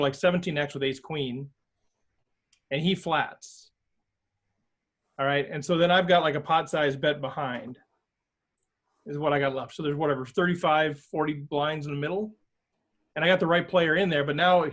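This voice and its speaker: A man's voice: a little high, fairly bright tone. A man on a video call, talking a group through a poker hand step by step in casual chat.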